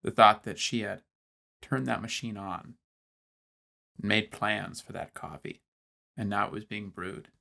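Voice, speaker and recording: A man's voice: on the low side, steady tone, measured pace, gravelly, pauses often, sharp tone. A man co-hosting a podcast in casual film discussion, reflective and hesitant with many fillers. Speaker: podcast co-host.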